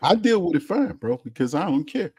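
A man co-hosting a casual podcast, telling blunt, laughing stories in relaxed slang. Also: a little high, brisk, breathy edge. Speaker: podcast co-host.

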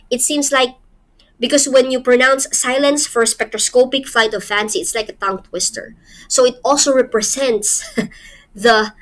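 A woman's voice: fairly high pitch, fairly bright tone. A woman with a Filipino accent giving a literature lesson, explaining a poem with rhetorical questions and small laughs. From Philippines. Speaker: literature teacher. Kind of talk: poetry lecture.

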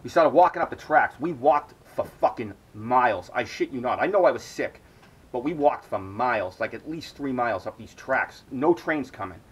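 A man's voice: medium pitch, animated, normal speed, slightly rough, low-quality recording. A middle-aged man hosting his own podcast, telling a long, rambling story full of swearing. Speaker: podcast host. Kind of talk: storytelling monologue.

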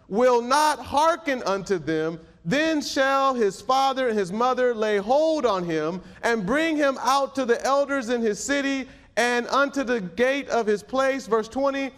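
A male pastor delivers a sermon in a strikingly high voice. He moves at an unhurried, measured pace. He reads old-style scripture aloud and keeps asking his congregation questions. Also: a bit bright. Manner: preaching with calls to the congregation; reads scripture aloud in King James wording.

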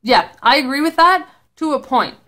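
Woman vlogger, high-pitched, blunt, sweary, sarcastic. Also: very animated, moderate pace, fairly bright tone. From Canada. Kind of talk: casual vlog commentary.

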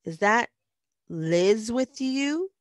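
A woman's voice: on the high side, lively intonation, very slow, dry recording, clean studio sound, voice pushed up. A woman reading a story aloud, voicing a young schoolkid who speaks bluntly and accusingly. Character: young schoolkid caught egging houses.

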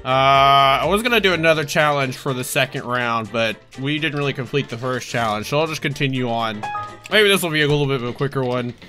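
A young adult commenting live on gameplay, panicky and yelping, with quick repeated phrases. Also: mid-range voice. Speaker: gaming video creator. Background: game music.

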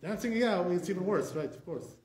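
Man, rabbi, high voice, quick delivery, echoey room. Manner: animated, repetitive fillers, speaks with conviction. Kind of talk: informal Torah class.

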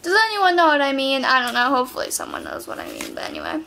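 A teenage girl vlogs a casual clothing haul, bubbly, a little breathless, and saying "like" constantly. Her high voice swoops wildly in pitch at a quick pace, gravelly and sharp, recorded on a camera mic with slight background noise.

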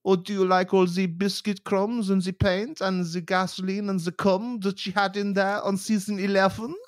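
A man putting on the voice of a silly, excitable male news pundit who rambles in babyish talk. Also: high voice, moderate pace, no echo, studio quality, voice pushed up, natural voice. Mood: excited.

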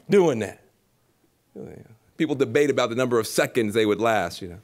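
A man giving a lively public speech at a gala, animated and preacherly, acting out voices and repeating phrases for emphasis. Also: mid-range voice, fast. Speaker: keynote speaker at an awards gala.

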